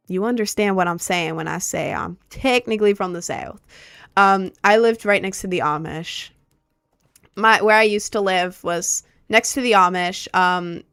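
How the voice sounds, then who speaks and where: In a clean, echo-free studio recording, a young woman from Maryland, USA, livestreams, reading out viewer questions and rambling chattily with plenty of fillers. Her mid-range voice has a clean, slightly bright tone.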